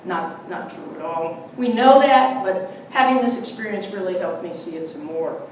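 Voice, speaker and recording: A middle-aged woman giving a Sunday talk in a church, a lively storyteller who acts out the voices in her anecdotes. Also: on the low side, normal speed, slight background noise. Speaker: guest speaker. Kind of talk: Sunday talk with personal stories. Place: church sanctuary. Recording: echoey hall, mic from far off.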